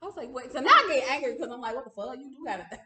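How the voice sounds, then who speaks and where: A young woman co-hosting a casual podcast chat, animated, swearing freely and laughing as she tells stories. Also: high-pitched, racing, distant mic, over a noisy crowd. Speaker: podcast co-host. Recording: roomy, from off mic.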